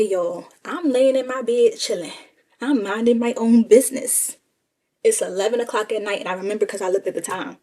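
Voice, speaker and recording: A woman's voice: medium pitch, warm tone. A young woman telling a casual, sassy story and talking straight to her listeners as y'all. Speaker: storyteller vlogger.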